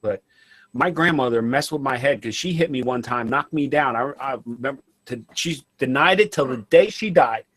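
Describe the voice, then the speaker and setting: A man co-hosting a casual radio show, telling childhood stories in an animated way and acting out the people in them. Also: medium pitch, normal speed, no room sound. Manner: animated, acts out quoted voices. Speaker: podcast co-host.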